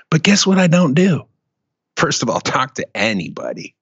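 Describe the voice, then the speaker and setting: A man hosting a casual talk show, telling a profane, animated story in a rant. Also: medium pitch, normal speed, breathy edge, dry recording, dull audio. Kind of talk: casual chat.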